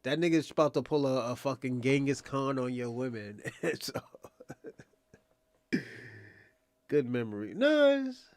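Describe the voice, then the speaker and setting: A man's voice: medium pitch, big pitch swings, measured pace, long pauses, darkish tone, no echo. A man hosting a livestream in casual talk, rambling and profane, repeating himself and needling viewers by nickname. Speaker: livestream host. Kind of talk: casual livestream commentary addressing chat.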